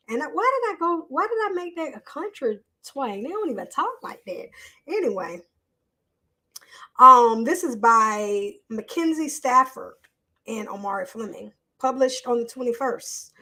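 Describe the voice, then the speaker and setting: A woman's voice: a little high, sing-song, a little slow, bright, forceful tone. A woman hosting a live online show, chatting casually with viewers and reading a news article aloud in a loose, off-the-cuff way.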